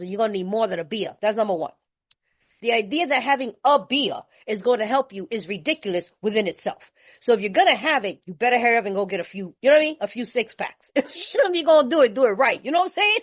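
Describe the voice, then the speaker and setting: A woman from California sharing her story at a recovery meeting, blunt, animated and laughing, with streetwise talk. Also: a little high. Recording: dull lo-fi recording.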